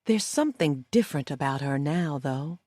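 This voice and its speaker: A woman narrating a first-person psychological thriller audiobook in a steady, measured way. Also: sits low, dry recording, studio quality.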